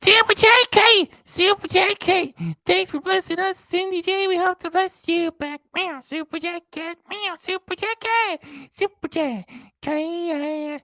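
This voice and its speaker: A man voicing a chirpy cartoon cat mascot that meows and shouts thanks to donors. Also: extremely high pitch, unhurried, no room sound, clean studio sound, voice pushed up, full character voice. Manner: meowing, sing-song shouting of thanks.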